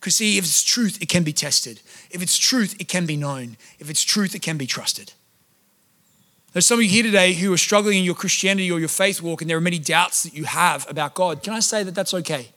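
A man's voice: sits high, a little fast, sharp tone. A man preaching a sermon as a pastor, conversational and humorous, telling stories with animation.

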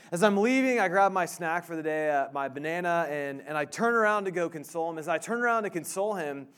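A man in his thirties preaching a sermon as pastor, casual and halting, with many fillers and restarts. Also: a little high, expressive, a bit bright, smooth.

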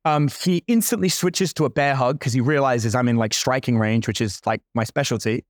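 A man's voice: mid-range voice, a little fast, dry recording, studio quality. A man in his forties telling a story in casual talk, playing out the other people's lines as he goes. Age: 40s. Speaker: guest entrepreneur.

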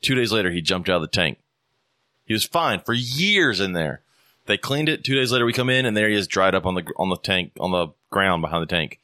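A man's voice: deep voice, expressive, brisk, pushed and bright, dry recording, studio quality. A man in his thirties hosting a podcast, telling stories in a loose, profane, casual way. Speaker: podcast host. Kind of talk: casual chat.

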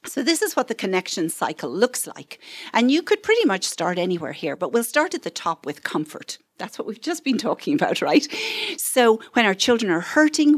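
A middle-aged woman counselor giving a parenting seminar talk, expressive and acting out the voices of parents and children. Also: mid-range voice.

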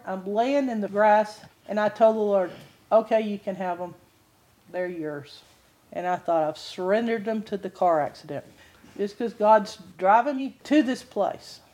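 An older woman giving a sermon-style Bible teaching, telling a personal testimony with animated storytelling and frequent laughter. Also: mid-range voice.

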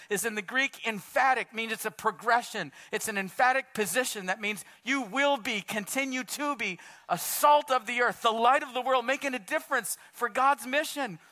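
A male pastor delivers a heartfelt sermon, his voice sitting high and ringing bright. He talks in a relaxed, everyday way, often calling his listeners "man". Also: moderate pace, few pauses. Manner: casual, earnest preaching, says "man" often.

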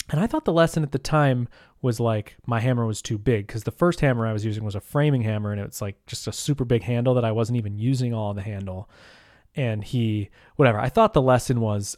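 A man hosts his own podcast in a loose, rambling monologue. He keeps breaking off mid-sentence, leans on fillers and throws in mild curses. His voice sits at an ordinary pitch and sounds dry and close, with no room echo. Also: darkish tone. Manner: rambling, self-interrupting, full of fillers and mild swearing. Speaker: podcast host. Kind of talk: casual solo podcast monologue.

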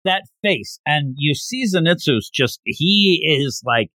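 A man hosting a podcast, recapping a comic in an animated, rambling casual chat. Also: fairly high pitch, slow pace, dry recording. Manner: animated, rambling retelling with lots of fillers. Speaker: podcast host.

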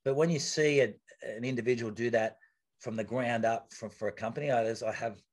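A middle-aged man, sitting as a guest in a podcast interview. He tells stories in a casual, lively and chatty way, often tripping over and repeating words as he goes. His voice sits at an ordinary mid pitch. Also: fairly quick. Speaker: podcast guest, retired athlete.

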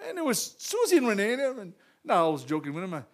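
A man giving a lively church message, telling stories, repeating phrases and laughing often. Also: high-pitched, fast talker. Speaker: church speaker.

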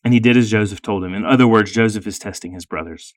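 A man reading scripture aloud at a deliberate pace, with brief plain asides explaining the passage. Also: lowish voice, no room sound.

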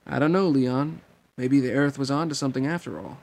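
A man reading an audiobook and voicing a cheerful, teasing young female ninja, raising his pitch for her. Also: lively intonation, normal speed, a little mellow, a little hiss or hum, close to an everyday voice.

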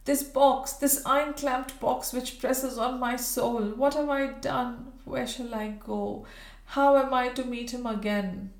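A woman's voice: high-pitched, steady tone, takes it slowly, voice pushed up. A woman voicing a feverish, delirious dying woman who rambles and pleads, in a roomy recording. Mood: terrified raving. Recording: roomy echo.

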